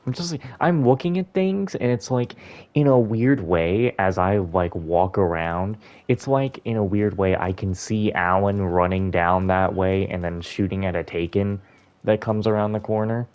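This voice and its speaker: Casting: young man, low voice, casual rambling let's-play commentary. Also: moderate pace, a little mellow. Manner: chatty, musing, rambling. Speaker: gaming YouTuber.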